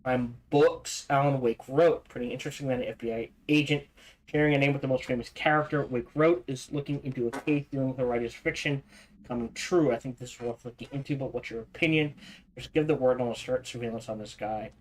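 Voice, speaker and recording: A man streaming a game reads its documents aloud at a brisk clip, with a voice of ordinary pitch for a man. He trips over words, backs up and corrects himself, and drops casual side comments between passages. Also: steady tone, rough recording. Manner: reads fast, stumbles and restarts, adds asides. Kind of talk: reading in-game documents aloud while playing.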